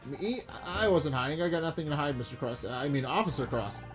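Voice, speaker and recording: A man voicing a dim, laid-back male handyman and bodybuilder, slow and dopey. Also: a little high, expressive, music in the background, close to an everyday voice. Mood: sheepish.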